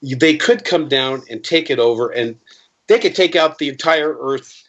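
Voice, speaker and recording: A man's voice: medium pitch, normal speed. A man in his fifties, an interview guest, telling stories in a rambling way with many restarts, and acting out the people he quotes. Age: 50s. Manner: animated, acting out quoted voices. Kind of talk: casual storytelling interview. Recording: dull lo-fi interview recording.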